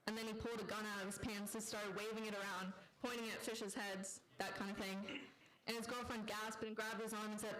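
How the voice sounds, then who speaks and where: Woman, live literary reading, deadpan, even narration. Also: medium pitch, brisk, a little hiss or hum, poor audio. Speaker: author reading her work.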